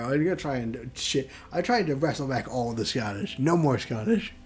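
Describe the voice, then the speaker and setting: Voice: medium pitch, lively intonation, normal speed, darkish tone, soft background music. A game streamer chatting casually between voicing characters, self-mocking and loose. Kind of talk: live game commentary and voicing.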